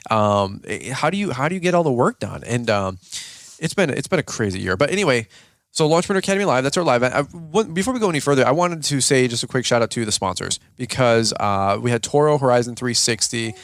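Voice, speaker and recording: A tired man co-hosts a casual podcast and talks quickly. He rambles with plenty of fillers and restarts. The sound is close and dry, with no room sound. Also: mid-range voice, lively intonation, no echo. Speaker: podcast co-host, lawn care business owner.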